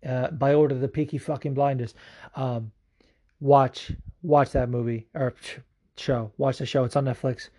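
A man's voice: mid-range voice, steady tone, normal speed, warm tone. A man hosting a podcast, answering listener questions in a rambling, profane, casual way with lots of fillers. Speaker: podcast host.

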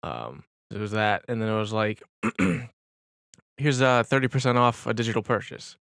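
A man's voice: on the low side, expressive, normal speed, gravelly, a bit bright, dry recording, studio quality. A young man co-hosting a casual podcast, swearing, sarcastic, and reading a summary aloud loosely. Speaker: podcast co-host. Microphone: studio mic.

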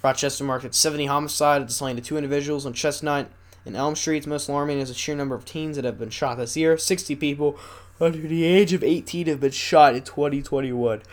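A young man hosting a solo podcast, rambling casually and reading news stories aloud haltingly with asides. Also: fairly high pitch, steady tone. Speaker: podcast host.

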